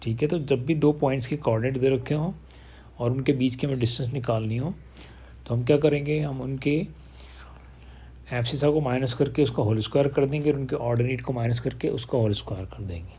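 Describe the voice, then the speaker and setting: This math teacher's mid-range voice moves very fast and has a breathy edge. He talks through each step of a problem aloud, explaining steadily in an online lesson that blends English and Hindi.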